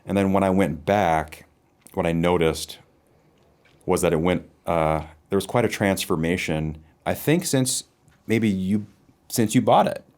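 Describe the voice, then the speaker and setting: Very deep-voiced man, wry joker. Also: a little slow, a little mellow. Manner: joking, wry banter. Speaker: podcast co-host. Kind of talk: casual podcast interview.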